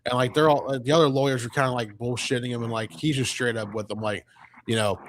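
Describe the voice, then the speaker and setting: A man's voice: medium pitch, steady tone, quick pace, a little hiss or hum. Casual rambling man recapping a movie. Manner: rambling recap full of fillers and quoted lines. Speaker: podcast co-host reviewing a film. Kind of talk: casual chat.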